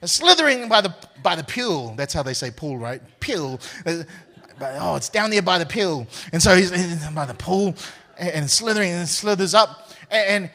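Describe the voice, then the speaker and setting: With a high, pushed and bright voice, lively intonation and normal speed, a pastor tells personal stories in his sermon. He's full of energy, laughs often and repeats words as he talks.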